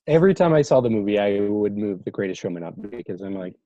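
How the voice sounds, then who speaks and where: Low mellow guy chatting movies, kinda muffled dry lo-fi mic. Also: quick pace, dry recording. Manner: relaxed, hesitant, many fillers. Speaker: podcast guest. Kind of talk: casual chat. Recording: dull, dry lo-fi sound.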